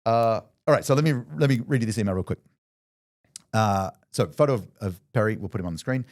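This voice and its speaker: A man, a business coach guest on a podcast, telling a story in a loose, animated way with lots of fillers and restarts. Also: fairly low pitch, quick pace, no room sound, clean studio sound. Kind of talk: casual storytelling in conversation.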